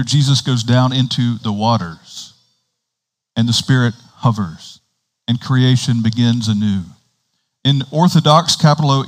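A man preaching a sermon at a middle pitch, in a chatty, conversational way. He acts out little exchanges between people and keeps asking his listeners "right?" to draw them in. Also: big-room sound, rough recording. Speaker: priest.

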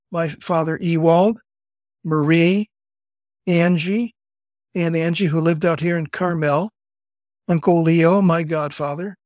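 An older man co-hosting a podcast, chatting casually and telling family stories with quick asides. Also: a little high, no room sound, clean studio sound. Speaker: podcast co-host. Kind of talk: casual family-history chat.

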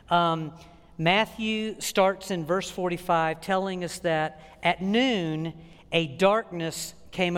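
A man preaching a sermon as pastor, animated and emphatic, with dramatic pauses. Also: sits high, clear, resonant tone. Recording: long hall reverb.

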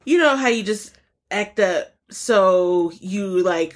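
A woman co-hosting a relaxed podcast, chiming in with laughs and quick reactions. Her voice is mid-pitched and swings up and down freely as she talks. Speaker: podcast co-host. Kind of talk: casual chat.

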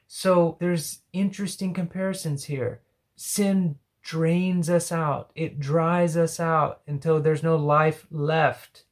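A Bible teacher giving a devotional sermon and reading scripture aloud, emphatic, swinging from loud exclamations to hushed asides. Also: mid-range voice, steady tone, slow pace.

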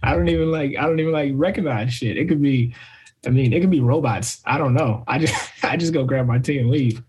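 A man's voice: medium pitch, brisk, a little mellow, husky. A man co-hosting a podcast, chatting casually with frequent stammered restarts. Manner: stammering restarts, laid-back. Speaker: podcast co-host.

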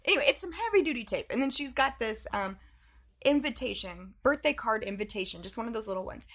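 A woman in her thirties, a podcast co-host, telling mom stories in casual chat, animated and laughing often. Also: fairly high pitch, quick pace. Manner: animated storytelling, laughs often, acts out voices.

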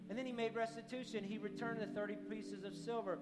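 A man's voice: extremely high pitch, fairly even intonation, fairly quick, hardly any pauses. A pastor delivering an impassioned sermon, driving his points home with repeated declarations. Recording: long hall reverb, faint music.

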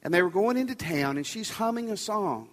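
Speaking a little fast with lively intonation, a high-voiced pastor delivers a conversational sermon to a large congregation. Now and then his urgent pleas sink to a soft near-whisper, while the long reverb of the big sanctuary hangs on every phrase.

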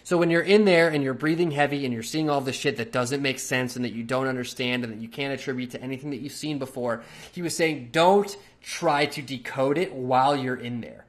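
A man's voice: mid-range voice, steady tone, quick pace, hardly any pauses. Man telling a story on his podcast. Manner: loose, chatty, with frequent fillers and casual swearing. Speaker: podcast host. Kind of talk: casual storytelling monologue.

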